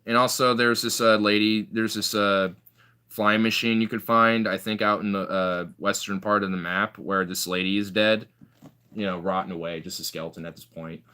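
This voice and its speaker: A man's voice: lowish voice, steady tone, moderate pace, bright, forceful tone, clear, resonant tone. A young man in casual chat, rambling through stories with lots of fillers and restarts. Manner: rambling, filler-heavy storytelling.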